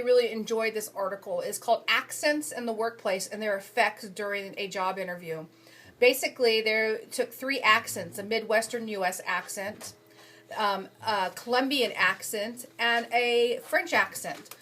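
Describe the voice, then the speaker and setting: Woman recapping her readings on a phone, halting, filler-heavy, mid-pitched. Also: a bit bright. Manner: hesitant, frequent ums and restarts. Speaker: human resources student reviewing journal articles. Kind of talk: casual spoken summary of readings. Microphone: phone camera.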